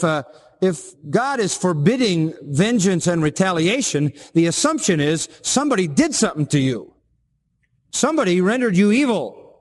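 A man preaching a sermon, emphatic, with repeated phrases and sudden rises in pitch. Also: big-room sound. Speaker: pastor.

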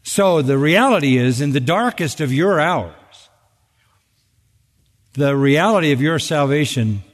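Slow, emphatic older male preacher in a reverberant church. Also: medium pitch. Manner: emphatic, rising to urgent peaks on key phrases. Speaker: pastor. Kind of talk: sermon. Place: large church. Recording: long reverb of a church sanctuary.

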